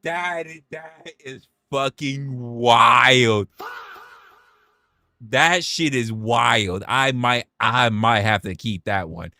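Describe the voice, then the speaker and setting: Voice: mid-range voice, very slow, bright, forceful tone, no room sound, studio quality. A livestreamer chatting casually with viewers, swearing, laughing and exclaiming.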